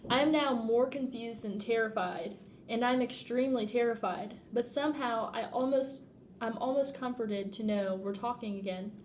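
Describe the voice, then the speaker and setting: Casting: expressive female novel reader, slightly high voice, amused. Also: moderate pace, slight background noise. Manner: expressive, often laughing at the text. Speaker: audiobook reader. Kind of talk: reading a novel aloud.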